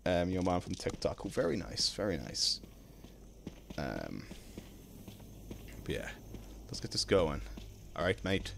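A young Irish man streaming a video game, chatting casually with his viewers between drawn-out ums. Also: low-pitched, sing-song, creaky, a bit bright, slight background noise. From Ireland. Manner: laid-back, drawn-out ums, greets chat. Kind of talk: casual live-stream chat while gaming.

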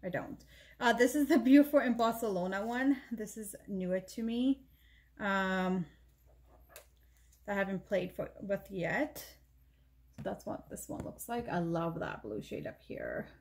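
A woman's voice: medium pitch, expressive, a little slow, creaky, darkish tone, a little hiss or hum. A woman beauty vlogger talking casually as she shows her makeup, chatty and rambling, often correcting herself mid-sentence. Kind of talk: casual chat showing makeup.

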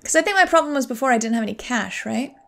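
A woman's voice: high voice, animated, fast, creaky, soft background music. A woman casually commenting while she plays a game, chatty with wry asides. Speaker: let's play host.

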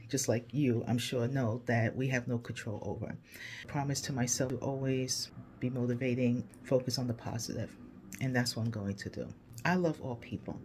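A man's voice: mid-range voice, a little mellow, a little hiss or hum. A man from the United States, an English teacher hosting his own channel, delivering an emphatic, heartfelt message straight to his viewers while emotional. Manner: emphatic, earnest, declarative.

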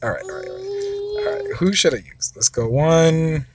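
A father giving gameplay commentary, excitable, wailing and shouting whenever a battle goes badly. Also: high-pitched, normal speed, slightly rough, dry recording. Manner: excitable, wails and shouts over losses. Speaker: father, mobile gamer.

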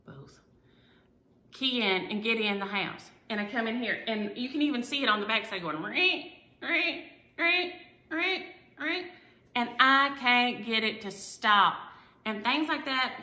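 Middle-aged woman, rambling cross-stitch vlogger, sharp bright tone, roomy echo. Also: medium pitch. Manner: rambling, chatty, self-deprecating. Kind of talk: casual chat to viewers. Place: at home. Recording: echoey room.

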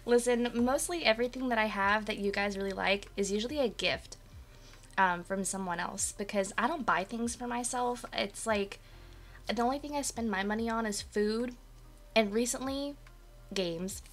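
A woman's voice: fairly high pitch, moderate pace, faint music behind. Bubbly woman streamer with a dry morning voice. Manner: bubbly, chatty, greets viewers by name. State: dry voice with a slight cough, just woke up. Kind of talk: casual chat with live viewers. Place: home apartment. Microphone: desk mic.

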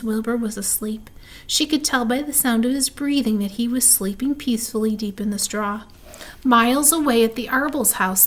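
A woman reading a children's book aloud at a steady pace, with small restarts. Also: on the high side. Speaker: reader.

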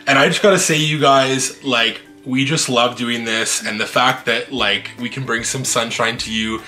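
A man's voice: medium pitch, fairly even intonation, moderate pace, sharp tone, soft background music. A Canadian man co-hosting a casual unboxing vlog, gushing with enthusiasm about what he opens. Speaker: channel co-host.

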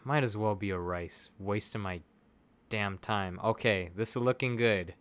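A young man live-streams his gacha pulls, begging the game for good luck before turning sarcastic. His fairly low voice moves at a measured pace, swinging between loud pleading and flat mutters.

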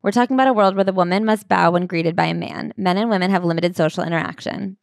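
A woman's voice: lowish voice, fast, vocal fry, no echo, clean studio sound. A woman co-hosting a casual book-club podcast, summarizing a memoir in conversational fillers. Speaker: podcast co-host.

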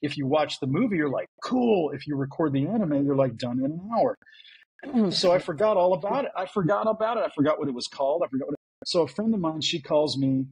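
Husky-voiced male voice actor telling stories. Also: on the high side, quick pace, dry recording, low-quality recording. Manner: animated, acts out quotes in voices. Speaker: voice actor guest. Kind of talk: casual podcast storytelling.

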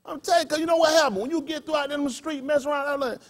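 A man, a pastor, preaching a sermon through folksy personal stories, shouting and laughing as he goes. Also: very high voice, fairly even intonation, rapid-fire. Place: congregation hall.

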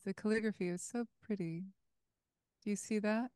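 A woman's voice: medium pitch, normal speed, mellow, smooth, no room sound, clean studio sound. A woman teaching a meditation class over a video call, patiently explaining things step by step.

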